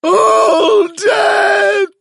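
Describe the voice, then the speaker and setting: Unearthly squealing rabbit spirit, shrill and shouted. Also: male voice, steady tone, very slow, gravelly, no room sound, clean studio sound, exaggerated voice. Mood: desolate wailing. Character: wailing ghostly rabbit crying out names.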